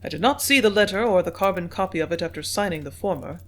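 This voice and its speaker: A steady, businesslike male manager in an audiobook, measured and composed as he dictates. A reader voices him in a plain reading voice with a middle pitch. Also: close to an everyday voice. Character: business-minded company manager, man.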